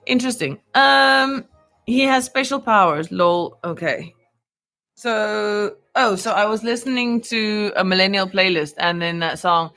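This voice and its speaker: A woman talks to her viewers in a loose, playful, rambling way, answering comments as they come in. Her voice is smooth and clear, sitting mid-range for a woman. The sound is close and dry, with little room to it. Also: mid-range voice, a bit bright, no room sound. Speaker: vlogger chatting with viewers. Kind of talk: casual chat, reading viewer comments.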